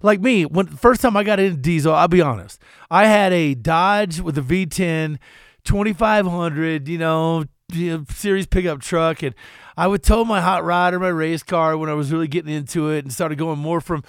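High-voiced, energetic car-podcast co-host. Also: male voice, moderate pace, clean tone, no echo, clean studio sound. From Colorado. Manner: energetic, folksy, lots of "man" and "you know". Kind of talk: casual car podcast chat.

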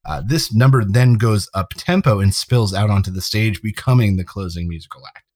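A man's voice: on the low side, brisk, a little mellow, dry recording. A man co-hosting a casual chat, recapping an episode and sharing trivia, often laughing as he talks. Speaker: podcast co-host.

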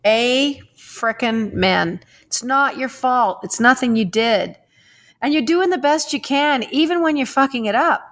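Blunt, high-voiced woman host. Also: fairly bright tone. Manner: blunt, swears freely, quick to laugh along. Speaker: podcast co-host. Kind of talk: casual podcast chat.

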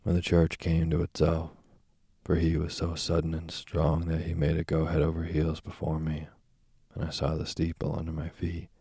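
Deep gravelly guy reading an old novel aloud, slow and deliberate, really flat delivery. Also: no echo, clean studio sound. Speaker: audiobook narrator. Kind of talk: scripted narration of a classic novel.

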